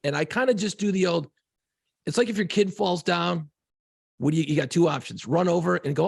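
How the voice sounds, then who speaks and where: Gravelly, husky man telling rambling stories. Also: high voice, a little fast, no echo, studio quality. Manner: rambling storyteller, swears freely. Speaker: podcast co-host. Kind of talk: casual podcast banter.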